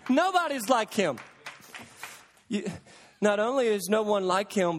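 High-voiced preacher in a reverberant hall. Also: male voice, very animated, unhurried, long pauses. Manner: emphatic preaching, swinging from hushed to shouted; sarcastic rhetorical questions. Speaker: pastor. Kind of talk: sermon.

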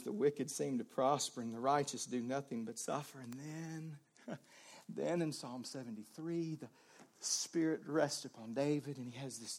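A male preacher giving a sermon, dropping to a hushed voice and then rising to raised, pleading cries. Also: husky. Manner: swings between hushed low passages and raised pleading cries.

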